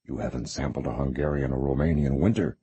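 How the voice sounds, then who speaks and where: A man doing a hushed, weary priest. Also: rumbling low, moderate pace, gravelly, slightly rough, dry recording, voice pushed down, heavily acted. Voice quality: whispering, ragged.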